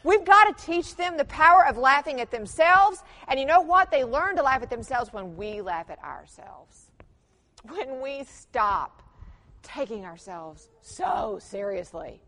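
A middle-aged woman giving a conference workshop talk, telling family stories with humor and lively emphasis. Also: high voice, measured pace. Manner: animated storytelling with humor, mixes in quoted voices. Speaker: conference speaker.

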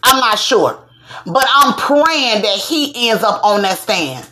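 Woman host, fairly high voice, casual and blunt commentary, swears freely. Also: expressive, slow, bright, forceful tone.

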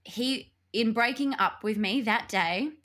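A young adult woman, co-hosting a podcast and telling a breakup story in casual chat, animated and laughing often. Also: fairly high pitch, a little slow. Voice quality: animated, laughs often, acts out quoted voices. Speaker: podcast co-host.

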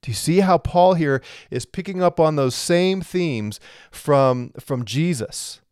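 A man delivers a sermon in an earnest, emphatic way, circling back over his own phrases. His voice sits a little higher than most men's. The sound is close and dry, with no room around it. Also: lively intonation, slow, a little mellow, clear, resonant tone, no room sound. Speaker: preacher.

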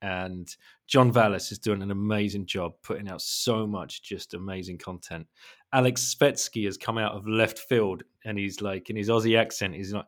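Effusive podcast host, low voice. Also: male voice, steady tone, normal speed. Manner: enthusiastic, effusive, rambling. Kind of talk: casual chat.

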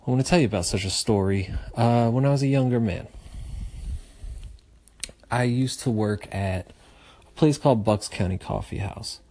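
Animated, profane male storyteller. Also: medium pitch, normal speed, long pauses. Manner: animated and profane, with frequent fillers. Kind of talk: casual personal storytelling.

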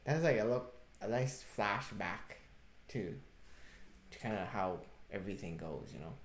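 A man's voice: on the low side, expressive, unhurried, echoey room, slight background noise. A young man in casual chat, reacting with short comments and laid-back remarks.

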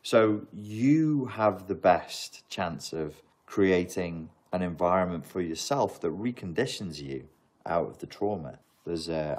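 A man's voice: low-pitched, a little mellow. A man hosting a casual livestream, reading out viewer questions and answering them with jokes and frequent laughs. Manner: jokey, laughs often, reads out chat questions.

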